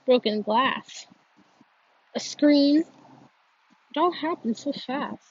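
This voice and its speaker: An audiobook reader with a high voice draws out her words as she reads a first-person novel with earnest emotion. She frequently restarts what she's saying, and the recording sounds dull and lo-fi.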